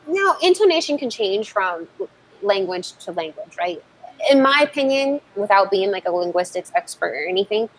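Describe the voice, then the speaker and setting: A woman gives a loose, conversational talk as an English coach. Her voice sits at a middle pitch. She keeps checking in with listeners and often restarts her sentences. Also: slight background noise, rough recording. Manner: thinks aloud with frequent fillers and restarts. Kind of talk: informal online talk with Q&A.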